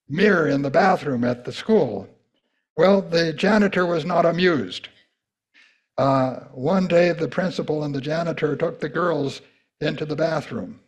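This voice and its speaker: A man preaching a sermon as pastor, slow and deliberate, lifting his voice high and loud when reading scripture. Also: muffled recording. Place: church in the Pacific Northwest.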